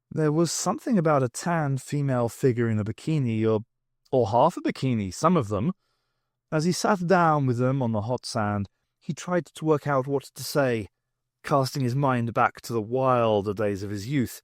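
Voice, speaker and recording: Male novel reader, lively pitch, dry close sound. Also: dry recording. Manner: expressive, varied storytelling. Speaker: audiobook reader. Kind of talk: unabridged novel reading.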